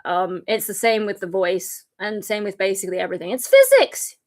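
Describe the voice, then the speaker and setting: A woman's voice: medium pitch, flat delivery, a little fast. A tired woman livestreamer in casual chat, patiently explaining a viewer's question with everyday examples. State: exhausted. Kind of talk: casual live-stream chat.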